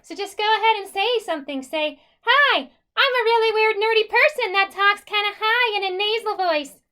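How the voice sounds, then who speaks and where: A woman doing a weird nerdy character who talks high and through the nose. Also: moderate pace, pushed and bright. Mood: goofy. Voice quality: high, nasal. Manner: pinched, squeaky, through the nose. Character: weird nerdy person, high nasal talker.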